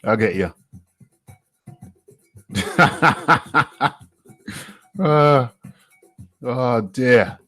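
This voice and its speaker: A man's voice: mid-range voice, animated, very slow, pauses often, a bit bright, faint music behind. A man from the UK hosting a live show, reading out the chat in a playful, repetitive way and chuckling often. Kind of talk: casual live-stream chat.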